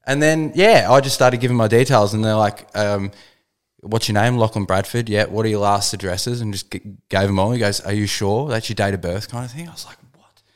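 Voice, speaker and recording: A man's voice: fairly low pitch, fairly quick. An Australian man co-hosting a podcast, telling stories in a laid-back, rambling, sweary way. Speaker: podcast co-host. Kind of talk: casual chat and storytelling.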